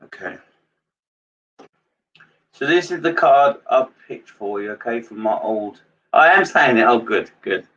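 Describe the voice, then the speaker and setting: Man, medium on a live stream, rambling and hesitant, bright-edged voice, dull far-off mic. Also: mid-range voice, expressive, a little slow, long pauses. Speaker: psychic medium. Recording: dull lo-fi sound from a distance.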